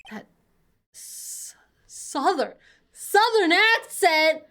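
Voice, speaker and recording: A woman doing giggly, excitable commentary while playing through a video game. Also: very high-pitched, drawn-out words. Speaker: let's play host.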